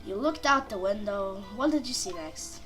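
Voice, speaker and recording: A woman's voice: medium pitch, animated, normal speed, music in the background, voice pushed down, lightly acted. A woman doing an indignant young lawyer. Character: earnest young male defense lawyer.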